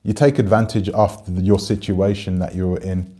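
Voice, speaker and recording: A man's voice: low-pitched, flat delivery, moderate pace, warm tone. A man hosting his channel, chatting casually and rambling as he talks to viewers and reads out their comments. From Britain. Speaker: channel host.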